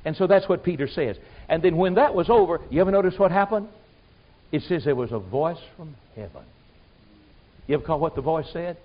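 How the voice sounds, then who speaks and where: Preacher man, fairly high voice, folksy and emphatic sermon delivery, muffled recording. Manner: folksy, emphatic, swings from loud exclamations to low asides.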